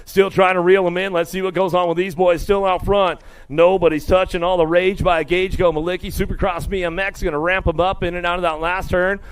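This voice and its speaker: A man announcing live BMX races, rattling off rider names with bursts of excitement. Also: high-pitched, smooth. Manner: rapid-fire calling of rider names, excitable. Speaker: race announcer. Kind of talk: live BMX race commentary.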